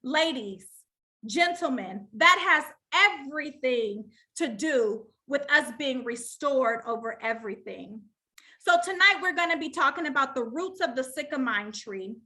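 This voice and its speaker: A woman's voice: high voice, lively intonation, a little slow, bright, forceful tone. A woman in her forties coaching a live online audience, preaching with call and response. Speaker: life coach. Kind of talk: live online motivational session.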